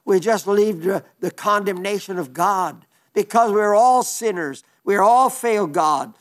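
A man's voice: high-pitched, a little slow. An older man preaching an earnest sermon, often repeating words for emphasis.

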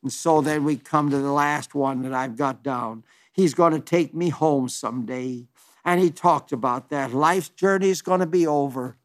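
A man in his nineties delivers a heartfelt sermon, his voice sitting noticeably high for a man. He speaks fervently and folksily, stumbling over restarts and circling back to his point. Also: normal speed. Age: 90s. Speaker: preacher.

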